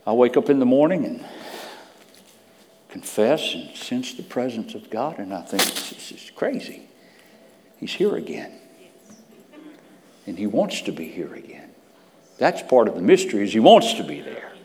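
A man's voice: lowish voice, very animated, normal speed, long pauses, in a large hall. Preacher man with dramatic whispers. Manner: dramatic swings from hushed whispers to loud emphatic peaks. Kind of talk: sermon.

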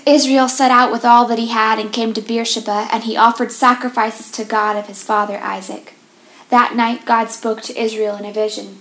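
A woman giving a devotional talk, reading scripture and reflecting on it in a measured, gentle way. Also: on the high side, level tone. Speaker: devotional speaker. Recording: roomy echo.

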